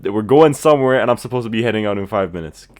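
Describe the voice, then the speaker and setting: A man's voice: fairly low pitch, quick pace. A young man hosting a casual podcast, telling a story with lots of laughs and acted-out voices. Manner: animated storyteller, laughs often, acts out voices in quotes. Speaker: podcast host.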